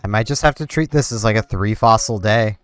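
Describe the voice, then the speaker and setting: Talking fairly quickly in a lowish voice, this young man rambles loosely while playing a game for his channel. "Like" comes up constantly, and faint game music can be heard.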